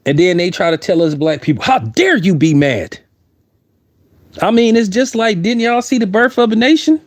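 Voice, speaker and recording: A man's voice: high voice, fairly quick, no echo. Heated blunt male commentator. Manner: heated, blunt, repeats himself for emphasis. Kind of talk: opinionated commentary.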